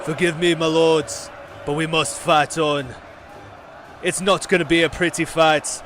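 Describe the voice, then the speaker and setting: A man putting on a northern accent to voice a gruff northern lord rallying his men in a siege. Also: fairly high pitch, background noise, close to an everyday voice. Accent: put-on northern English. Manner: rousing battlefield commands.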